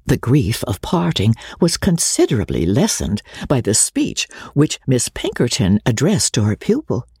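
A woman reading a classic novel aloud in an expressive, wry, theatrical manner. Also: rumbling low, husky, no room sound, studio quality. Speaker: audiobook reader. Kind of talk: scripted audiobook narration.

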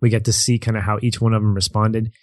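A man's voice: lowish voice, little pitch movement, fast talker, no room sound. A man co-hosting a casual movie discussion, thoughtfully recalling scenes at length. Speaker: podcast co-host.

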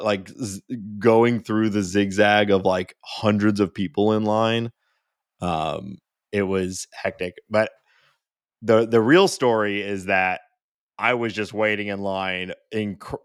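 A man with a fairly low voice co-hosts a relaxed podcast, telling stories with restarts and quick laughs. His voice is recorded close and dry, with no room sound. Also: smooth, dry recording. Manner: rambling, self-interrupting, quick to laugh. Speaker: podcast co-host. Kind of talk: casual chat.

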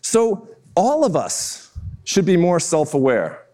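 Male keynote speaker, 50s, slightly high voice, lively self-deprecating storyteller. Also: slow pace. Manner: animated, self-mocking storyteller who acts out scenes. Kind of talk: keynote-style storytelling talk.

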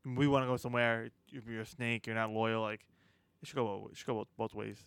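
A man's voice: on the low side, flat delivery, fast, vocal fry, a bit bright, smooth, no room sound. A young man co-hosting a sports talk show in casual chat, often repeating words as he starts a thought.

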